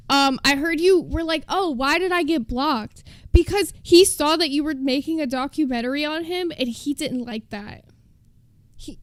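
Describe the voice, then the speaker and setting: Woman streamer, high-pitched, casual and joking, dry recording. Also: no room sound. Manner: chatty, joking, reads terms aloud to chat. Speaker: livestreamer.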